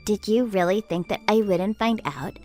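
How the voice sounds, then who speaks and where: A woman voicing an entitled, demanding young sister-in-law who yells and bosses people around. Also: normal speed, soft background music, natural voice. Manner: demanding, shrill, yelling. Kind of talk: texting-story voice acting.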